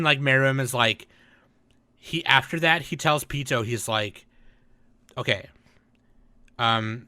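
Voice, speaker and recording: Male podcast co-host, bright edgy tone, dry close mic, lively storyteller who swears. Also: mid-range voice, dry recording. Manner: animated storytelling, acts out quotes, swears. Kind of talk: casual chat.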